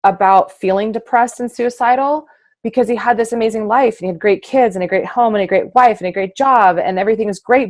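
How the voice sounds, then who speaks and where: A woman hosting a casual conversation, expressive and animated, acting out her own past thoughts with laughter. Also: mid-range voice, dry recording. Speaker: host, naturopath.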